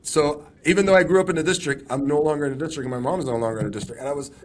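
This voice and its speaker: Texas guy telling a story on a podcast, highish voice, does little voices for people. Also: rapid-fire, slight background noise. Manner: animated storyteller, acts out quoted voices. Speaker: former congressional candidate.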